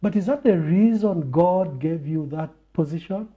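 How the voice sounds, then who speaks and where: Man with a measured, preaching cadence. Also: a little high, narrow, tinny audio. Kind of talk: reflective talk in a TV interview.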